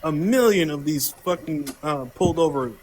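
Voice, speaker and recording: A man's voice: a little high, expressive, moderate pace, a little hiss or hum. A man in a heated casual debate, insistent and interrupting, repeating his points. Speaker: host.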